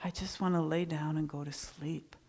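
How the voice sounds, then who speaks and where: A woman voicing a serene young male god who speaks softly in a drowsy, contented way. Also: sits low, fairly even intonation, moderate pace, gravelly, slightly rough, heavily acted. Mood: contented sleepy.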